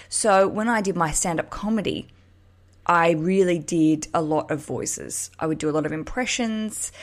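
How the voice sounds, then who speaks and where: A woman hosting a podcast, answering callers with playful, teasing, chatty asides. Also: low-pitched. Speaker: podcast host. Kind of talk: casual podcast chat.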